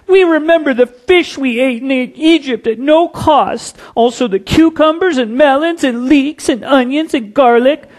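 A preacher putting on a whiny complaining crowd. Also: male voice, normal speed, few pauses. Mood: whining. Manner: whiny, high and strained. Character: whining complaining ancient Israelite crowd, ungrateful.

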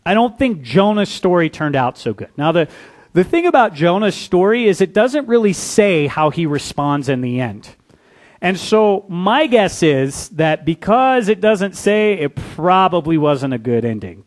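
A male pastor preaching with a high voice that swoops up and down. He turns to the congregation with quick questions and briefly acts out characters from the story. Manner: animated, acts out biblical characters in quick asides; conversational, asks the congregation questions. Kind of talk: sermon.

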